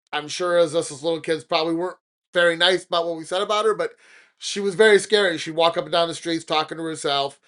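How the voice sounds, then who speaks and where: A man hosting a podcast, telling a personal ghost story in an animated, dramatic way. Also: on the high side, clear, resonant tone. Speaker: podcast host. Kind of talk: casual storytelling.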